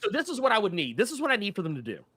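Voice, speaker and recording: Lively high-voiced man. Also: very fast, slightly rough, no room sound. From Tennessee. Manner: animated, swears freely, acts out quotes. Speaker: podcast co-host. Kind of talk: casual movie discussion.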